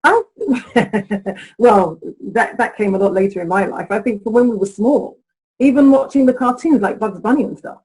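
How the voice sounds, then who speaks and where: A woman relationship coach as an interview guest, speaking in an animated way with laughs while she tells stories. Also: a little high, normal speed, slightly rough, poor audio. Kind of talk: interview conversation.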